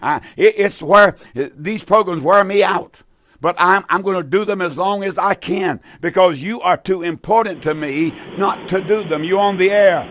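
Halting older man preaching on radio. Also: sits high, a bit bright, no echo. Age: 80s. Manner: halting, repeats words, earnest.

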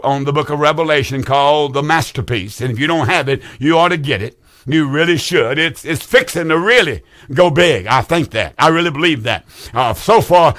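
A man's voice: fairly high pitch, normal speed, a bit bright. A man, hosting a call-in radio show and preaching in an emphatic, repetitive, folksy way. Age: 70s.

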